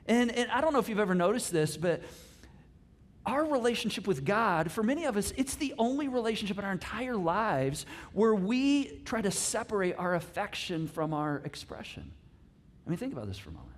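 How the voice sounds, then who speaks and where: A middle-aged man, a pastor, giving a conversational sermon with lively asides and frequent restarts. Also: high voice, a little fast. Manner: animated and chatty, with many restarts and asides.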